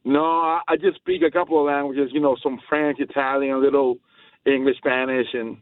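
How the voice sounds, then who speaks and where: A man's voice: medium pitch, fairly even intonation, moderate pace, no echo. A man calling in to a talk radio show, making his points in an emphatic, rambling way. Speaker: caller. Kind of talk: casual phone-in chat. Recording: tinny phone line.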